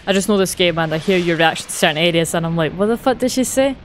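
A woman's voice: on the low side, expressive, fast talker, a little hiss or hum. A young woman with a light Scottish accent chatting casually while she plays a video game on stream, laughing at herself and answering chat. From Scotland. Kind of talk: casual gameplay commentary.

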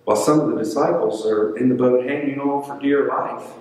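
With a medium-pitched, darkish voice and a fairly quick delivery, a male pastor preaches and tells stories, giving voice to the characters he quotes. The mic sits at a distance in an echoey church sanctuary.

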